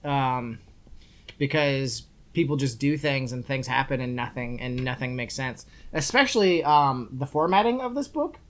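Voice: medium pitch, lively intonation, normal speed. A young adult podcast co-host talking casually and sarcastically while reviewing a book, rambling and swearing freely. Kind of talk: casual chat.

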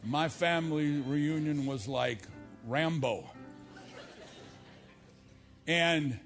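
Middle-aged male pastor, higher-set voice, storytelling sermon, shifts from emphatic to hushed; faint music underneath. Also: very slow. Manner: storytelling preacher, swings from loud emphatic lines to low quiet asides. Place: church service filmed for television.

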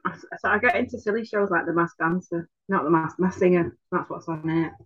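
A woman's voice: on the low side, brisk, a bit bright, breathy edge, dull audio. A woman, co-hosting a casual chat in an easygoing, giggly way. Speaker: podcast co-host.

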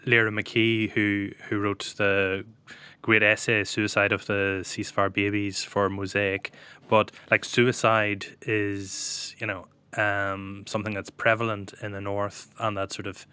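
Crisp, flat-toned male interviewer. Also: on the low side. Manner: probing, builds a question slowly. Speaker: books editor interviewer. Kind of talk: conversational interview.

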